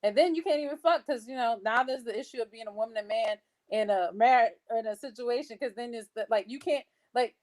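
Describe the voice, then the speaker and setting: A woman's voice: fairly high pitch, a little fast, few pauses, a little mellow. A woman co-hosting a casual podcast chat, blunt and swearing freely. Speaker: podcast co-host.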